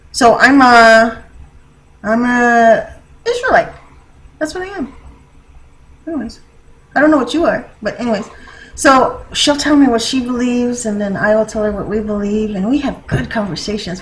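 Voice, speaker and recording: A woman's voice: on the high side, poor audio. A woman vlogger talking in a casual, rambling monologue, laughing often and using many fillers.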